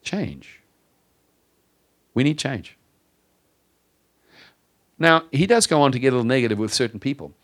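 A man preaching a sermon in a conversational, self-deprecating way, rising in pitch and volume for emphasis and slowing on key phrases. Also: lively intonation. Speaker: pastor.

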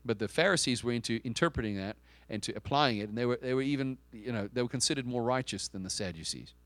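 A man's voice: mid-range voice, animated, fast, a bit bright, dry recording. Male pastor, conversational sermon delivery, punchy emphasis, dry room. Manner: conversational and emphatic, with rhetorical questions and frequent restarts.

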